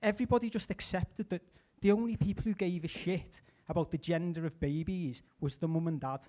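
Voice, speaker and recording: A middle-aged man performing a stand-up comedy set, chatty with deadpan asides and small restarts. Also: high voice, brisk. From England.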